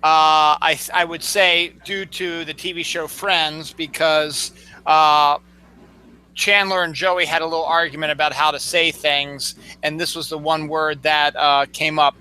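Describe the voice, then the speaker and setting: A man's voice: fairly high pitch, level tone, a little slow, bright, forceful tone, smooth, poor audio. A man co-hosting a casual chat, explaining how words are said, chuckling and tripping over his own words. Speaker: co-host.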